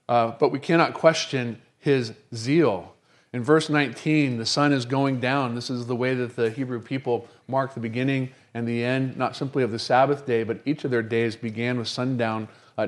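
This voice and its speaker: Middle-aged male pastor giving a sermon; emphatic, rhetorical delivery with slowed key lines. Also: medium pitch.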